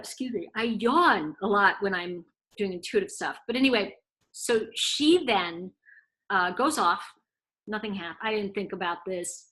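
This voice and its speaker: A middle-aged woman casually telling a story to camera, chatty and animated, acting out the quoted dialogue. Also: on the high side. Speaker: intuitive reader and video host.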